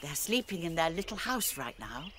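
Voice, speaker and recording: A woman voicing a kindly elderly grandmother pig in a cartoon game, talking in a gentle, calm and reassuring way. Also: low voice, moderate pace, very noisy. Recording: game audio with loud music behind.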